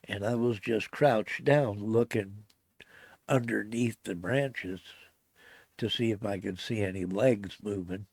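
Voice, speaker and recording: A man's voice: on the low side, no echo. A middle-aged man telling a personal story in casual speech, blunt and swearing often. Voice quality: gravelly. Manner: blunt, swears constantly, grows heated and loud. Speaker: storyteller recounting a personal event.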